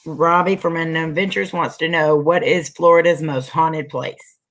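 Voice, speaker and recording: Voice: medium pitch, moderate pace. A host in a casual interview, reading viewer questions aloud and answering with short agreeing replies. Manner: relaxed, reads out chat questions, brief agreeing replies.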